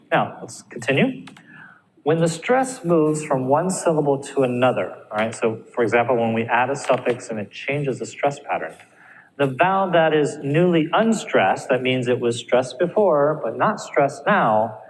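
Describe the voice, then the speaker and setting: A man of middle pitch gives a recorded pronunciation lesson. He speaks patiently and says words more than once so learners can hear each sound. His voice carries a long reverb from the room. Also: a little hiss or hum. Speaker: English pronunciation teacher. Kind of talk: recorded lecture.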